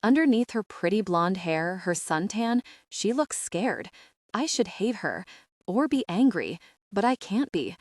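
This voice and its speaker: A woman reads a first-person audiobook in a steady, even way. Her voice sits at a middle pitch. The recording is dry and close, with no room sound. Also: a little slow, dry recording. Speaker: audiobook narrator. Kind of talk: first-person scripted narration.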